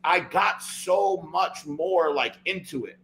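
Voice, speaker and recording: Bright-voiced man telling a rambling story. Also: fairly high pitch, slow, gravelly, a little hiss or hum, poor audio. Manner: rambling, fills talk with "like" and "right?". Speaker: guest. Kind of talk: casual storytelling on a podcast.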